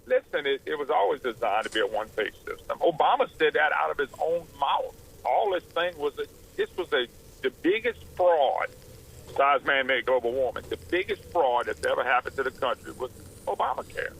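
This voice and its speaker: A man in his fifties with a drawl holds forth on talk radio, emphatic and opinionated in a folksy way. His voice is gravelly and husky, with a bright, pushed edge and a fairly high pitch for a man. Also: animated, a little fast, low-quality recording. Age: 50s. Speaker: radio show host, guest.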